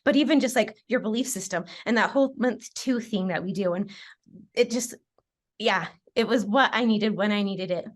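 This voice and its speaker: A woman's voice: mid-range voice, moderate pace. A woman in her thirties, a guest in a casual interview, telling her story earnestly with lots of "like" and "just" and frequent laughs. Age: 30s. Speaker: guest, nutrition client.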